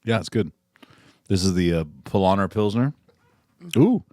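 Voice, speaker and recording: A man with a lowish voice co-hosts a casual podcast, tossing out jokes and curse words in loose banter. The sound is dry and close, with no room around it. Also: lively intonation, moderate pace, mellow, no echo. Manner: swearing, joking, loose banter. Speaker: podcast co-host. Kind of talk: casual chat.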